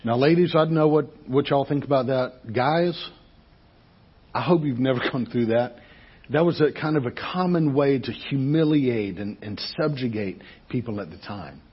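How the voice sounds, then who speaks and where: In a husky, mid-range voice at a moderate pace, a male pastor preaches to his congregation, animated and conversational, asking rhetorical questions. The recording sounds lo-fi.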